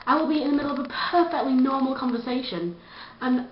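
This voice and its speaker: A woman's voice: sits high, quick pace, a little hiss or hum. A woman, vlogging a chatty, self-mocking rant to camera. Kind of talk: casual comedic rant to camera. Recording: dull lo-fi echoey room sound.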